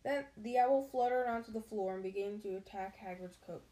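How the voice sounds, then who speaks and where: A woman's voice: mid-range voice, a little fast, mellow, rough recording. A woman reading a children's novel aloud, stopping now and then to chat and answer questions. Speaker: reader.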